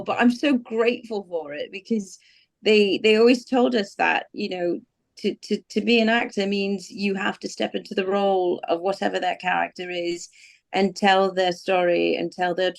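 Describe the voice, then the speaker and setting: Animated British actress on a video call. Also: female voice, medium pitch, moderate pace, creaky. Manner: animated storyteller, acts out quoted voices. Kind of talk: casual interview chat.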